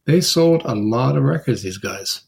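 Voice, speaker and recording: A man's voice: medium pitch, lively intonation, moderate pace, vocal fry, darkish tone, breathy edge. A man co-hosting a casual music podcast, chatty, laughing and repeating himself. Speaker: podcast co-host. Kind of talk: casual chat.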